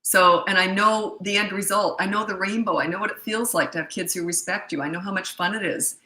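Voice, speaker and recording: A woman's voice: mid-range voice, fairly even intonation, brisk, sharp tone, echoey room, low-quality recording. A middle-aged woman coaching parents in a casual Q&A, blunt, emphatic and repetitive. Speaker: parenting coach answering viewer questions. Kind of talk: casual live Q&A.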